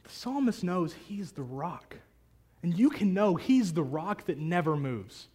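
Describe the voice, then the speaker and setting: Guy pastor with a high voice, chatty and lively, preaching to a room of people. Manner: conversational and animated, acting out prayers. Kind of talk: sermon. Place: church hall with a congregation.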